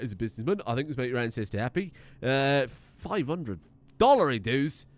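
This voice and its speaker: A man's voice: medium pitch, big pitch swings, brisk, no echo. A British man commentating a game playthrough from his desk at home, joking and swearing as he goes. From United Kingdom. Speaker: gaming streamer. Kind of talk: let's play commentary.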